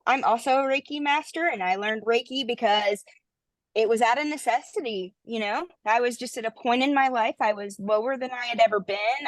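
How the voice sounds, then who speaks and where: Encouraging woman with a fairly high voice. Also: dry recording. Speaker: workshop participant. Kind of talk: casual supportive chat.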